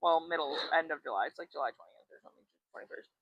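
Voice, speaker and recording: Talking very fast, this low-pitched podcast co-host with a breathy edge retells a book plot casually, performing the characters' lines and swearing freely. The sound is lo-fi with no room sound.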